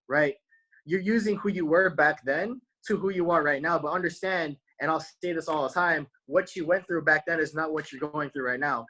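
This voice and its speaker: A man's voice: fairly high pitch, pushed and bright, poor audio. A man giving a casual motivational talk to his viewers, using slang and tagging "right?" onto almost every point. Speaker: motivational speaker.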